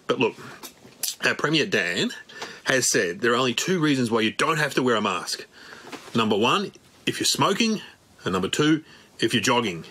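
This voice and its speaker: Australian stand-up comic, middle-aged, dry and self-deprecating, bright lively delivery. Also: male voice, on the low side, breathy edge. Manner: dry self-mocking, deadpan jokes. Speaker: comedian. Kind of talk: stand-up comedy to camera.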